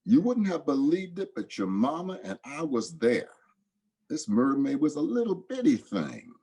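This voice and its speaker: A folksy father recounts a marvel with lively, rising delivery, as a man puts him on. His voice is warm and slightly husky. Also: a little high, measured pace, pitched above the performer's own voice, full character voice. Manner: folksy, animated.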